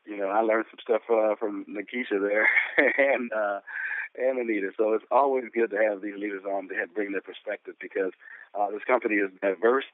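A man pastor giving relaxed, folksy closing remarks on a conference call. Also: on the low side, brisk. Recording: tinny phone line.

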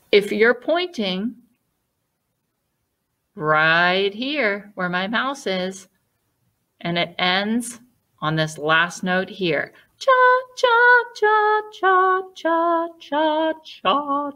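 A woman's voice: medium pitch, sharp tone. A woman music teacher giving a children's lesson online in a patient, sing-song teacherly way.

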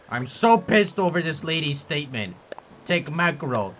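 A young man giving let's play commentary, full of exaggerated frustration and excitement. His voice is high and bright, and it swings widely as he reacts to the game. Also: brisk, soft background music. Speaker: gaming YouTuber.

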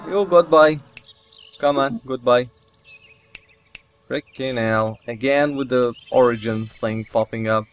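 Excitable man commentating a game. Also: medium pitch, slow pace, long pauses, faint music behind. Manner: excitable, talks to the game characters, mild swearing, laughs at himself. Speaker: let's play host. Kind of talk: casual gameplay commentary.

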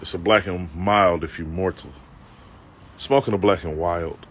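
Slangy low-voiced man spinning a street story. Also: fairly even intonation, unhurried, slight background noise. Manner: loose, slangy, self-mocking, with asides to viewers. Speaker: comedic vlogger telling a story. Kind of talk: casual storytelling to a live-stream audience. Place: outdoors on a city street.

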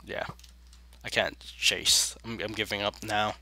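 A man giving excitable gaming commentary at a close desk mic, jumping between loud yelps and sneaky whispers. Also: on the low side, unhurried, dry recording. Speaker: gaming video host.

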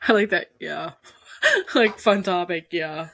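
A woman's voice: fairly low pitch, sing-song, extremely slow, gravelly, sharp tone. A woman co-hosting a casual podcast, chatty and giggly, often stopping herself mid-sentence. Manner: giggly, chatty, self-interrupting. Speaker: podcast co-host.

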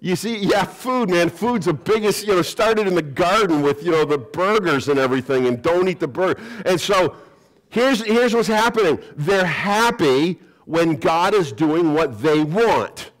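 A man preaches to his congregation with an animated storytelling manner. He acts out little quoted voices and jokes along the way. His voice sits a touch higher than most men's. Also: measured pace, low-quality recording. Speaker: pastor. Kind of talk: sermon. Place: church sanctuary.

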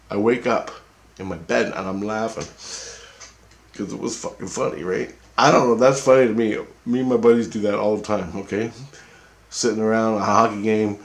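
Rambling, cursing man with a lowish voice. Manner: profane, repetitive, keeps asking "okay?". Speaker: vlogger recounting a dream. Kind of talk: rambling casual monologue.

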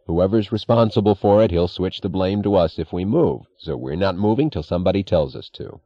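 A man's voice: low-pitched, expressive, fairly quick, dry recording, dull audio. A man reading the part of a wary train engineer who talks bluntly and defensively. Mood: stubborn.

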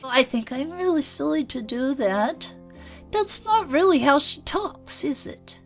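A woman's voice: sits high, lively intonation, a little slow, soft background music. A woman speaking as her inner child, an earnest, anxious five-year-old girl who rambles and apologizes. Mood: worried. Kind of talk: spoken channeling session.

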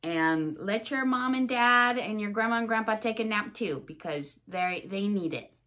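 Animated woman pastor reading to children. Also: medium pitch, moderate pace. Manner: animated, playful storyteller. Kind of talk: reading a picture book to children.

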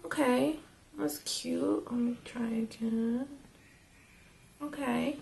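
A young woman casually reviewing makeup as she swatches it, chatty and excitable and half losing her voice. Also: a little high, takes it slowly, vocal fry, a little hiss or hum. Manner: chatty and excitable, drops to whispers. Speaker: beauty vlogger.

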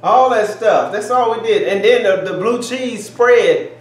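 Excitable man, echoey kitchen. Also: sits high, measured pace. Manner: excitable, exclaiming, folksy. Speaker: cooking channel co-host. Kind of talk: casual taste-test chat. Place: home kitchen. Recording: echoey kitchen, faint ambience.

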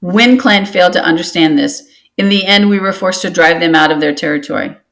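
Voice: medium pitch, a little fast, a bit bright, natural voice, poor audio. A reader voicing a menacing, domineering male cat clan leader in a storybook, speaking in a demanding growl.

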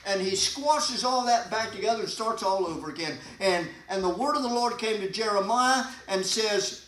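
A man preaching a sermon as pastor, folksy and animated, with sudden loud emphasis and quiet asides. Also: high-pitched, moderate pace, hardly any pauses. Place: church sanctuary. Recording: echoey church hall.

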